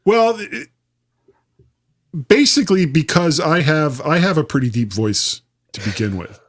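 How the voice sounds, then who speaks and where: A man's voice: fairly high pitch, a little slow. A man from Florida hosting a casual podcast, telling rambling stories. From Florida, USA. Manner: animated, rambling storyteller. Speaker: podcast host.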